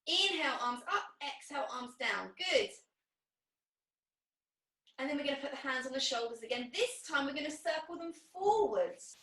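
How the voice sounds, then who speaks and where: A woman with a high, bright voice talks a class through pilates moves, cueing each breath with an encouraging tone. She sounds some way from the mic, in a room that echoes. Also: lively intonation, normal speed, distant mic. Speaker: pilates instructor. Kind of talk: guided exercise class.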